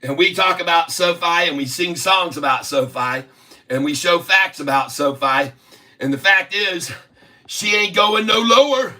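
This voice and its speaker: Southern man in his 60s, rowdy livestream host, bright pushy voice, slightly high. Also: normal speed. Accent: Southern American. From Southern United States. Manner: boisterous, rhyming, laughing often. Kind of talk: rambling livestream banter. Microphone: webcam mic.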